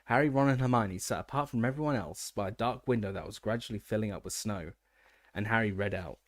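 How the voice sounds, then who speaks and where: A man narrates an audiobook in a fairly low voice, stopping and restarting words as he reads. The recording is dry and close, with no room around it. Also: quick pace, dry recording. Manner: frequent stumbles and restarts. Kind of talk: audiobook reading.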